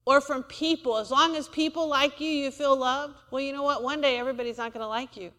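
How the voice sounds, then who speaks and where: A woman's voice: high voice, steady tone, a little fast, fairly bright tone, big-room sound. A woman preacher, delivering a sermon in a church and asking the congregation for amens. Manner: call-and-response preaching, asks for amens.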